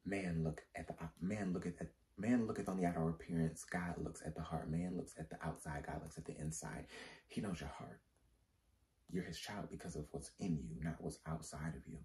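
A man's voice: extremely low pitch, fairly quick, a little mellow. A man who is a pastor giving a candid personal testimony, talking casually with slang and rising into emphatic, preacher-like swings.

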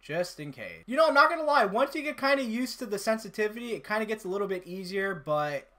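Young male gamer, bright lively voice, jumpy and profane play-by-play commentary. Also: sits high, fast. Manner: excitable, swears freely, bursts into yells. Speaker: gamer and channel host. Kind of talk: live gameplay commentary.

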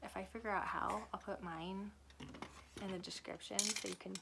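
A woman's voice: mid-range voice, fairly even intonation, moderate pace, gravelly, noisy background. A young adult woman and author giving a chatty, rambling book review that often corrects itself. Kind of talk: casual book review chat.

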